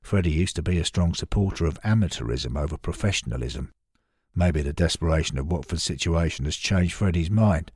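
A man narrating a story in an expressive, dramatic scripted manner. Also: low voice, brisk, slightly rough, no echo, studio quality.

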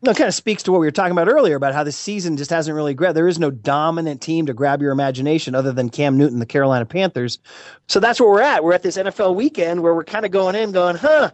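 A man chatting as a guest commentator on a podcast, excitable and rambling, joking as he goes. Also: a little high, fast, no room sound. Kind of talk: casual podcast chat.

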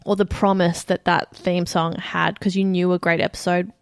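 A woman, co-hosting a casual podcast chat, relaxed and laughing along. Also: fairly low pitch, moderate pace, gravelly, dry recording, studio quality. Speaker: podcast co-host. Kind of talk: casual chat reviewing a TV show.

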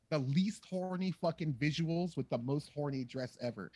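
A man chatting casually and profanely on a podcast, animated and rambling, acting out quotes in silly voices. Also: on the high side, moderate pace, few pauses, slightly rough, no room sound. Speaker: podcast co-host.

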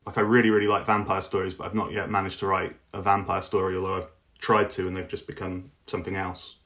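A man with a very low voice talks about his writing in a musing, thoughtful way. He circles around his ideas with little fillers and repeats. The tone is reflective interview talk. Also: flat delivery, quick pace, fairly bright tone. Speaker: author, interview guest.

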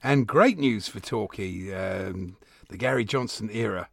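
Co-host, chuckly and wry, gravelly edge. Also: male voice, on the low side, a little slow, fairly bright tone, no room sound, clean studio sound. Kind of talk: casual chat.

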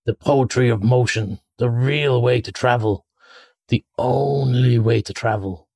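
A man voicing a dazed male toad in a storybook reading, murmuring in a dreamy monotone. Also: medium pitch, measured pace, creaky, no room sound.

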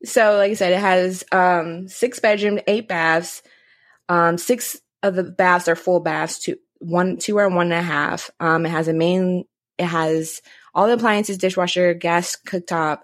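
A woman's voice: fairly low pitch, fairly even intonation, a little slow, no room sound. Chatty woman podcast host, dry sound. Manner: laughs often, loose and chatty. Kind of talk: casual chat.

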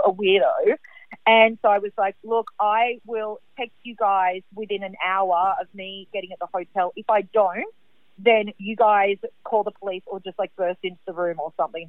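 A woman caller telling a personal story in an animated, chatty way, heavy on fillers. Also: mid-range voice, no echo. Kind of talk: casual storytelling. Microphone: phone. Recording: tinny phone line.

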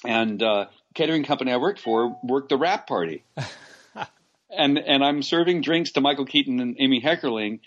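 A man from Los Angeles, an actor, telling stories in a casual interview, rambling with restarts and animated asides. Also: medium pitch, normal speed, lo-fi sound. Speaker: actor guest.

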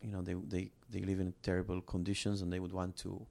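A man's voice: low-pitched, completely flat delivery, creaky, darkish tone. A man from Israel, a film director, talking earnestly about his work in an interview, often restarting his sentences. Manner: earnest, halting with many restarts. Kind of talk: interview conversation.

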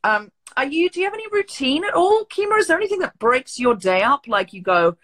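A woman's voice: high voice, big pitch swings, fairly quick, few pauses, fairly bright tone. A woman with an accent between British and Australian, hosting a casual interview over a video call, chatty and teasing. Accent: mix of British and Australian. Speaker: podcast host.

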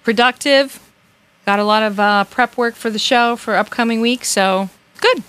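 A woman's voice: a little high, normal speed, a bit bright, clear, resonant tone, no room sound. A woman co-hosting a show in casual chat, cheerful and easygoing. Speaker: co-host.

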